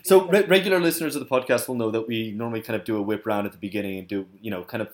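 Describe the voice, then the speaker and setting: Low-voiced male podcast host. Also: rapid-fire. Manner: easygoing, lightly joking host. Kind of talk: casual podcast chat.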